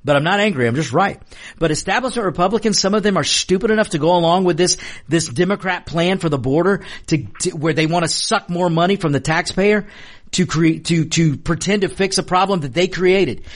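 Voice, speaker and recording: A man's voice: high-pitched, fairly quick. A man hosting a political commentary show, delivering an emphatic opinion monologue, passionate and repeating lines for stress. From Mexican American.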